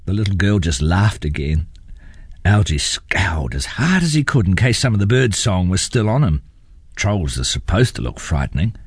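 Man reading a kids story, deep husky voice, super lively, dry sound. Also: moderate pace, dry recording. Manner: expressive, animated.

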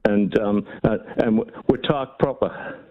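An older man with a Geordie accent, calling in to a radio talk show, speaking in halting bursts. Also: fairly low pitch. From Newcastle upon Tyne, England. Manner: halting, repeats words. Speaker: caller. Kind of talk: radio call-in chat. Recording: tinny phone line.

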